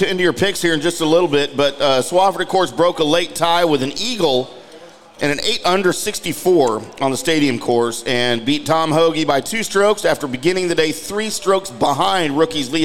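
A man's voice: a little high, moderate pace, fairly bright tone, big-room sound. A man in his forties from Louisiana, co-hosting a casual golf podcast with teasing banter. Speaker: podcast co-host.

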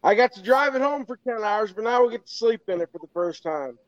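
A man's voice: sits high, lively intonation, fast talker, no room sound, dull audio. A man, a guest, chatting casually and cheerfully about an upcoming trip. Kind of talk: casual chat.

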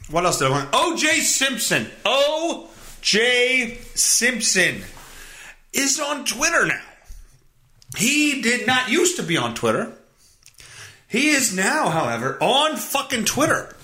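A man's voice: high-pitched, sharp tone. A man hosting a solo podcast, ranting in a worked-up way and swearing often. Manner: profane, worked-up rant. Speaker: podcast host.

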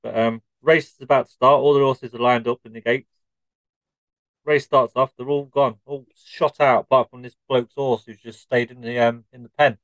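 A man co-hosting a comedy podcast, telling drawn-out joke stories in a deadpan way. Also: medium pitch, dry recording, rough recording. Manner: deadpan, drawn-out shaggy-dog storytelling. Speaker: podcast co-host.

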